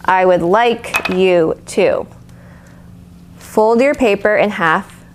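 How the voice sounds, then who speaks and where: A woman's voice: medium pitch, takes it slowly, slight background noise. A woman leading a live lettering lesson, chatty and encouraging, with fillers and restarts. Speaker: art instructor.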